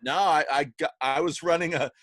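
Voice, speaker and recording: A young Canadian man telling stories as a podcast guest, energetic and acting out quoted voices. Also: a little high, a little fast, no room sound. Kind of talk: animated storytelling.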